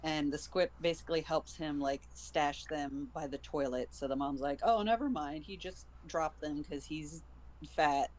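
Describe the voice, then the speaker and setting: A chatty man on a live stream, walking through a book's plot in a loose, amused way. His voice sits a bit high for a man. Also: fairly even intonation, measured pace, poor audio. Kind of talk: casual chat recapping a book.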